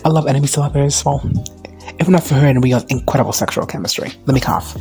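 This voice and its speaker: A woman giving a casual, excitable recap of an episode, rambling with slang, filler words and swearing. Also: a bass voice, fast talker, soft background music. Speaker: reaction vlogger.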